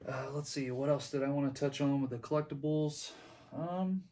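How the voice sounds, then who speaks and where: A man's voice: fairly high pitch, moderate pace, mellow. Middle-aged guy rambling thru a story for his channel, lots of ums, mic a bit far off. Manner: rambling, with many ums and restarts. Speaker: channel host. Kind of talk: casual storytelling vlog.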